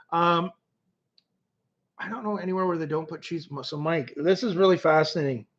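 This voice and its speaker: Canadian guy chatting with his stream, bit higher voice, rambly, muffled lo-fi audio. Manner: chatty, rambling, repeats and restarts words. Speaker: livestream host. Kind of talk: casual livestream chat reading comments.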